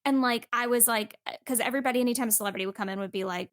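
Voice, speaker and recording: Woman, podcast guest, slightly high voice, rambling filler-heavy chat, dry close sound. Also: fast, no room sound. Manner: chatty storyteller, many fillers like "like".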